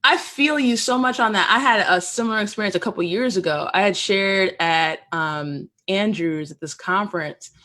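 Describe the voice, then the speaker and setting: A woman podcast co-host chatting casually, telling stories in a lively, animated way. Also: medium pitch, moderate pace, hardly any pauses. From Maryland, US. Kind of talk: casual conversation.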